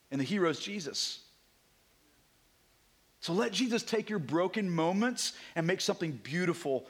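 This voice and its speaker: A man preaching a sermon as a visiting pastor, animated and conversational, sometimes dropping to a hushed near-whisper for emphasis. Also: on the high side. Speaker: guest preacher.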